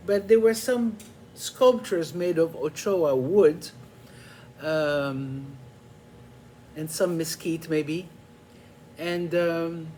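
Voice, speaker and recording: An older man telling a personal story in an unhurried, reflective way, pausing often with small fillers. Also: a little high, a little mellow, a little hiss or hum.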